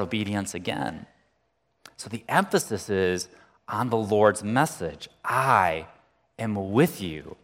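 A man's voice: mid-range voice, a bit bright, long reverb tail. A man preaching a sermon as pastor, talking earnestly and conversationally and lifting his voice when he reads scripture.

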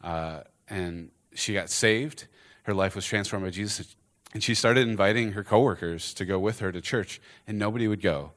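A man preaching, telling a story and acting out the characters' lines with lively energy. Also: fairly low pitch, normal speed. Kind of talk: storytelling sermon.

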